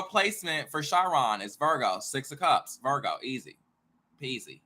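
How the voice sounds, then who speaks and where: A man's voice: medium pitch, big pitch swings, normal speed, bright, forceful tone. A man who teaches astrology and tarot, rambling in a casual monologue, repeating himself, jumping between ideas and muttering swears.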